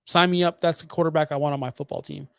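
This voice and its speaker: A fired-up man co-hosting a podcast, his voice sitting a little high and ranting with heavy emphasis. The sound is dry and close, with no room echo. He piles point upon point without letting up. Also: fairly even intonation, quick pace, vocal fry, a bit bright, clear, resonant tone. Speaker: podcast co-host. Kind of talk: heated fantasy football talk.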